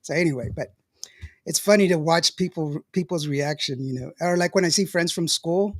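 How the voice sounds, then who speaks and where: Older man, husky, dry close sound, rambling and laughing podcast host. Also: on the high side, moderate pace, no echo. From West Texas. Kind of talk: casual chat, reading live comments.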